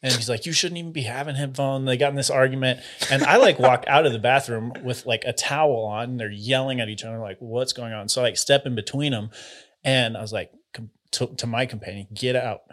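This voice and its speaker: A young man in casual chat, telling an animated story and breaking into high laughs. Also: a little fast.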